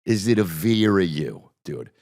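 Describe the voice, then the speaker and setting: A man's voice: deep voice, big pitch swings, moderate pace, darkish tone. A man hosting a podcast, riffing through a profane, rambling comedic monologue with repeated bits. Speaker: podcast host.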